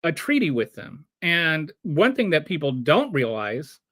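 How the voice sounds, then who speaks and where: A man hosting a show of casual political commentary, talking in an animated way with frequent restarts and rhetorical questions. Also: on the high side, unhurried, no room sound, studio quality. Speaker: show host.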